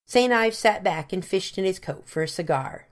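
A woman narrating a novel in a measured, dryly wry storytelling manner. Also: mid-range voice, lively intonation. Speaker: audiobook narrator. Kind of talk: scripted narration.

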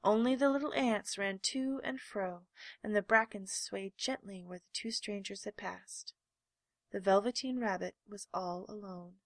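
A woman reading a children's storybook aloud, with gentle, measured storytelling. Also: medium pitch, dry recording. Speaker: narrator.

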